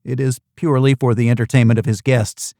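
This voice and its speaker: A man's voice: medium pitch, little pitch movement, brisk, vocal fry, mellow, no echo, clean studio sound, close to an everyday voice. A man voicing a polite young woman from the United States who works as a host at an island retreat, speaking courteously and eager to please.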